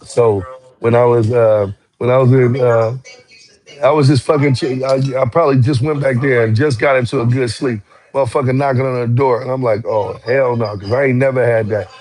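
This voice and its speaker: A man, a former truck driver telling a story in casual, profane, animated talk with heated outbursts. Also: mid-range voice, brisk. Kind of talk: casual storytelling on a live stream.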